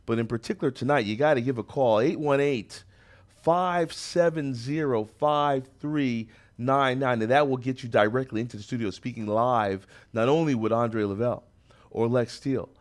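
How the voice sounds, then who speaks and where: A man's voice: mid-range voice, moderate pace. A man hosting a radio talk show from a studio, bantering and joking with a playful, hyped announcer-style delivery.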